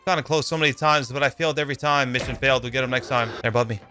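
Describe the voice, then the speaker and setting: A young man, a pro gamer, giving excitable live commentary over his own shooter gameplay. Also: medium pitch, rapid-fire, noisy background. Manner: hyped, excitable, yelling at plays. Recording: loud game gunfire under voice. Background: shooter game gunfire.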